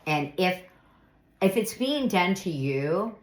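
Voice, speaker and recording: A middle-aged woman giving earnest, reflective life advice in an unhurried monologue, now and then acting out example phrases. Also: fairly low pitch, lively intonation. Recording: echoey room.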